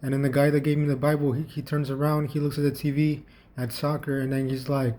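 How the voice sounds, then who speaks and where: A man vlogging, telling a personal story in a casual, halting way with frequent restarts and repeated words. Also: mid-range voice, level tone, darkish tone.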